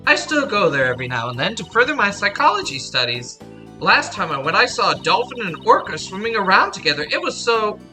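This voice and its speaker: A woman voicing an excitable young woman lawyer, reading game dialogue aloud. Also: medium pitch, brisk, faint music behind. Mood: earnest. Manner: peppy, gushing.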